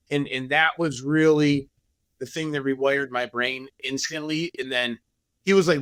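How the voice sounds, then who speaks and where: A man's voice: medium pitch, fairly even intonation, a little slow, a bit bright, smooth, no echo. A man, a podcast guest, telling his story candidly and acting out other people's lines. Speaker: podcast guest, business owner.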